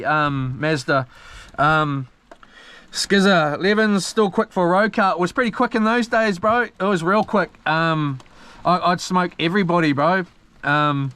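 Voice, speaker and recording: A slangy New man rambles through old stories for his live-stream viewers, full of ums, false starts and tangents. His voice sits a little high for a man and comes through smooth and clear. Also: fairly bright tone, dry recording. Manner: meandering storyteller with many ums and restarts, slangy. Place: on a boat at sea.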